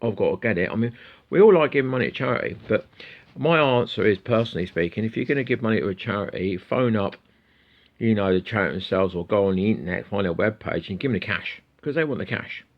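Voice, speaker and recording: A man's voice: on the low side, animated, fast talker, highs cut off. A middle-aged man chatting casually to camera as a guitar YouTuber, rambling and swearing freely.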